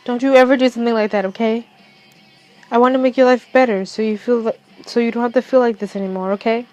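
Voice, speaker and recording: A woman's voice: a little high, steady tone, fast talker, a little mellow, lo-fi sound, faint music behind, lightly acted. Worried young friend, as a woman reads her. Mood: pleading.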